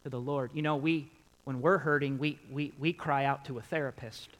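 A man's voice: medium pitch, moderate pace, poor audio. A pastor preaching a sermon to his congregation, putting questions to his listeners and repeating key points for emphasis. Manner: animated, swinging from quiet to loud.

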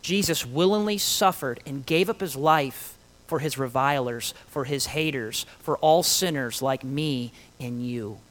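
A man preaching a sermon, emphatic and animated, with rhetorical questions and dramatic pauses. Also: mid-range voice. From Italian heritage.

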